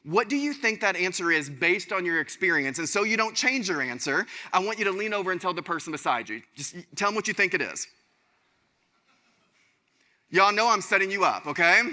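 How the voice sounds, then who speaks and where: A man giving an energetic keynote speech on a conference stage, talking straight to his audience. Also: high voice, brisk. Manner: animated, addresses audience directly as y'all. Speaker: keynote speaker. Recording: large hall reverb.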